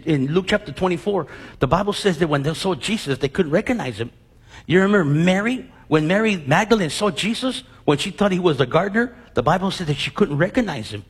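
A man's voice: high-pitched, breathy edge, big-room sound. A man preaching a sermon, acting out Bible scenes and quizzing his congregation with questions.

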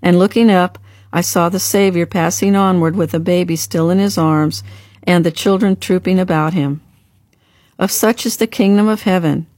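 A woman narrating a devotional story in a calm, reverent, measured audiobook reading. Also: lowish voice, no room sound, clean studio sound.

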